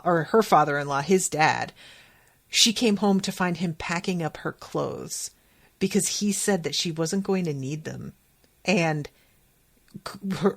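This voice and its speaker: A woman hosting a podcast, casually recapping a TV episode in a chatty, candid way and acting out quotes with sudden pitch jumps. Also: creaky.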